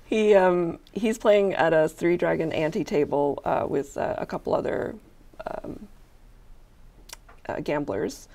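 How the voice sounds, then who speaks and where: A woman's voice: lowish voice, slow, vocal fry, dark tone. A woman running a tabletop game as game master, narrating hesitantly with many fillers.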